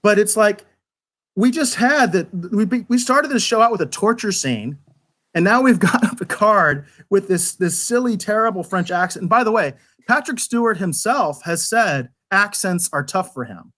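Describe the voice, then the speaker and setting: A man with a slightly high voice, co-hosting a live review show. He talks in an animated, rambling way, stumbling over restarts as he goes. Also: moderate pace. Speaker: podcast co-host. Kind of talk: casual review chat.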